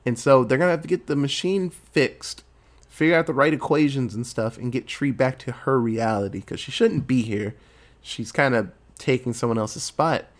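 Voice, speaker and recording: A man casually retelling a movie plot in a lively, profane storytelling way. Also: medium pitch. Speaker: movie recapper.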